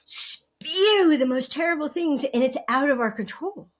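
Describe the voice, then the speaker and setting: A woman with a high, bright-pitched voice talks as an interview guest. She tells stories animatedly, laughs often and acts out what others said. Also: expressive, unhurried. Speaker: guest relationship educator. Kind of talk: conversational interview storytelling.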